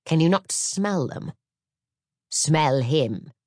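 A woman's voice: deep voice, expressive, extremely slow, a little mellow, dry recording, studio quality, full character voice. A woman voicing a shrewd, crook-backed old crone who mutters ominous warnings in a storybook reading.

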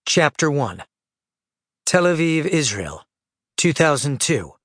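A man reads an audiobook in a steady, measured storytelling voice, pitched slightly high for a man. He is recorded close on a studio microphone, and the sound is dry with no room echo. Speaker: audiobook narrator. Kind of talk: scripted narration.

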